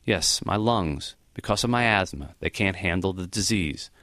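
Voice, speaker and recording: A man voicing a calm dying old professor. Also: sits low, no room sound, clean studio sound. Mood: gentle. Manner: gentle, unhurried, matter-of-fact.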